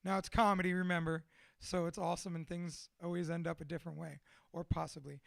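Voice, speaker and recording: High-voiced, profane storytelling man. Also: fast talker, vocal fry, no room sound, clean studio sound. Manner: profane, animated, laughs through his stories. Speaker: tattoo artist and podcast guest. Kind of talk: casual storytelling chat.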